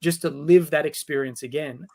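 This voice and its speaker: Animated Australian man in his forties telling stories. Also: a little high, normal speed. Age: 40s. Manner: animated storyteller who acts out quoted voices. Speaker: guest. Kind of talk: casual storytelling interview.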